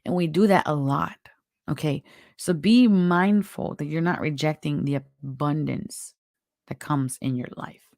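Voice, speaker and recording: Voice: mid-range voice, gravelly, darkish tone, no echo, studio quality. A tarot reader hosting a live stream, giving chatty, encouraging spiritual advice with a strained, worn-out throat. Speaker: tarot reader and show host.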